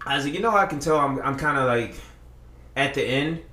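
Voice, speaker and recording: A man's voice: medium pitch, animated, fairly quick, sharp tone, roomy sound. A man on a casual podcast, telling a long story in a rambling, profane way with many restarts. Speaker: podcast co-host.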